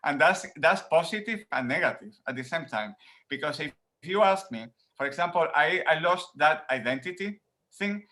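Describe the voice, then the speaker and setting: A man from Rico, a professor answering interview questions in an animated way, laughing often and repeating words as he thinks, talking from home. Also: fairly high pitch, normal speed. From Puerto Rico. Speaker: professor guest.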